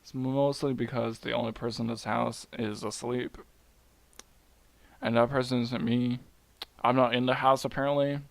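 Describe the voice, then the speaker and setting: A young man retelling a myth casually at home, muttering quietly and rambling with jokes. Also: mid-range voice, level tone, moderate pace, vocal fry, pauses often, no echo. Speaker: storyteller. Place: home at night.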